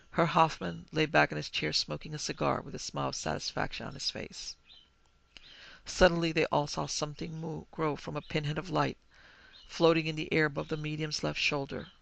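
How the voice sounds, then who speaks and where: Gravelly man narrating a ghost story. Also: on the high side, a bit bright. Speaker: podcast host.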